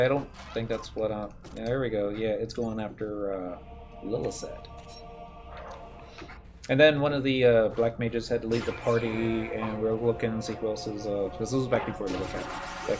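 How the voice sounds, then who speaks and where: A man's voice: on the low side, steady tone, moderate pace. A man in his thirties giving casual gameplay commentary, rambling and reminiscing with self-mocking asides. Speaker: game streamer. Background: game music.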